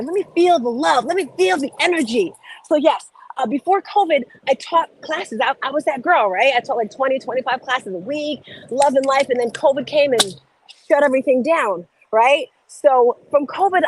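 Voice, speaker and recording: Chatty lady coach on a livestream, kinda high voice, greeting everyone by name. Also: a little hiss or hum, poor audio. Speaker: life and fitness coach, show host. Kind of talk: casual livestream chat.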